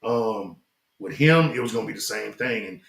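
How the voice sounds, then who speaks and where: A man's voice: fairly low pitch, moderate pace, creaky, a bit bright. Middle-aged man telling loose street stories. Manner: loose, profane, rambling storyteller. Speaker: guest rapper. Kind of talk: casual storytelling chat. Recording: roomy echoing studio.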